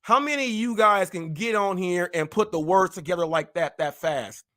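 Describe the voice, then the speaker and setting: A man hosting a live stream, boasting and trash-talking in rapid-fire wordplay. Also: sits high, sharp tone. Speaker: host.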